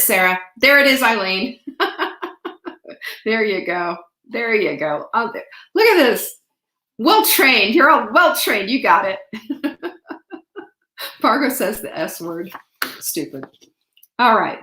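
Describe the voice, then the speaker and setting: A woman's voice: mid-range voice, fairly bright tone. Woman, 60s, nutritionist host, chatty and teasing, tone middling, roomy echo. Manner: chatty, upbeat, teasing the viewers. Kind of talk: live Q&A to online viewers. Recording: echoey room.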